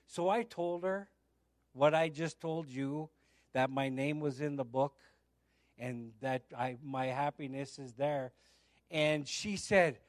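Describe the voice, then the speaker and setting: A man's voice: medium pitch, slow pace, no room sound, studio quality. A middle-aged man preaching a sermon, telling a testimony and acting out the voices of the people in it. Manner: storytelling, acts out the voices in his anecdotes.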